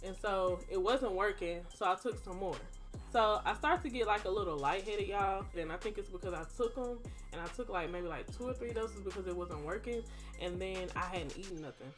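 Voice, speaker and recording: A woman's voice: medium pitch, fairly quick, faint music behind. Chatty young woman telling a story. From Texas. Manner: chatty, dramatic, addresses viewers as y'all. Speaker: vlogger. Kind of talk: casual storytime.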